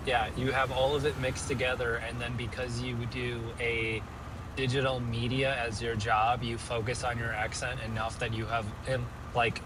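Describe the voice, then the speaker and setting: A man streaming a video game with friends, explaining things at length with halting restarts. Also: mid-range voice, little pitch movement. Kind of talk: casual gaming chat. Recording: game vehicle noise underneath.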